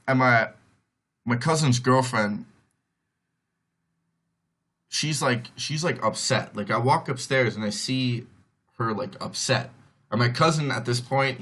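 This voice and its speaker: A man's voice: mid-range voice, fairly bright tone. A young man tells a story alone into the mic, loose and chatty. His voice sits in an ordinary middle register. He keeps saying "like", restarts his sentences and briefly mimics relatives as he goes. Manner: rambling, heavy on "like", acts out others' voices. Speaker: podcast host. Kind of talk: casual storytelling monologue.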